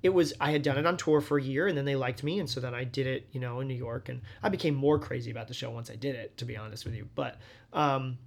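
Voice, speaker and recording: A man's voice: medium pitch, fairly even intonation, fast talker, gravelly. A man in his thirties, a stage actor as interview guest, chatting casually and animatedly, full of "like" and acted-out quotes. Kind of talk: casual conversational storytelling.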